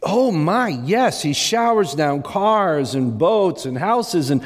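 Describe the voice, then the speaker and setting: A man voicing a giggly, excited woman who gushes breathlessly. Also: fairly high pitch, slow, long reverb tail, voice pushed up. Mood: gushing. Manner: breathy, gushing.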